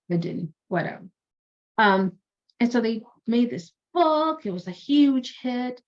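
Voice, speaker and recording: With a darkish, lowish voice, this career coach talks on casually, drifting into digressions and frequently correcting herself as she explains. The sound is dull and lo-fi.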